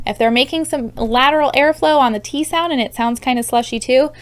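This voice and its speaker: A woman's voice: high-pitched, fairly quick. A woman in her thirties teaching parents how to help children with speech sounds, in an upbeat, demonstrative way. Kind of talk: instructional video.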